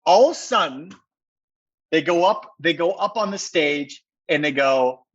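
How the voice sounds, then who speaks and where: A man, a podcast guest, telling a story with excitement in a rambling, conversational way, full of fillers. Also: a little high, a little slow, breathy edge, dull audio. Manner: excited, rambling, heavy use of "like".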